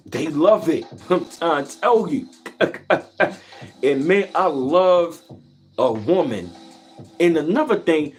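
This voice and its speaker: A man talking boastfully in a casual vlog monologue. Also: high-pitched. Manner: boastful, animated street talk with repeated slang. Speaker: vlogger.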